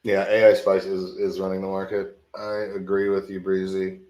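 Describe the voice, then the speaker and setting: Man, low voice, casual live trading commentary, restarts often, roomy echo. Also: monotone, normal speed, a little mellow. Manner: casual, thinks aloud, repeats words. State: sleepy, yawning. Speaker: livestream futures trading host.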